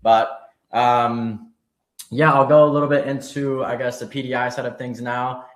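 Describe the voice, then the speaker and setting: A man teaching a live online trading lesson, explaining quickly and casually with fillers. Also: mid-range voice, level tone. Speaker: trading instructor.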